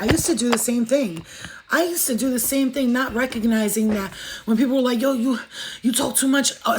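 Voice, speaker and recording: A woman chatting casually to livestream viewers as a spiritual reader, fast-talking, profane and emphatic. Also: a little high, a little hiss or hum.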